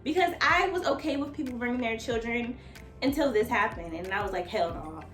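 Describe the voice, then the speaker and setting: Lively, profane woman telling a story. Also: on the high side, fairly quick, soft background music. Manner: animated, profane, addresses viewers as y'all. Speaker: nail technician. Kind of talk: casual storytime. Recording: echoey room.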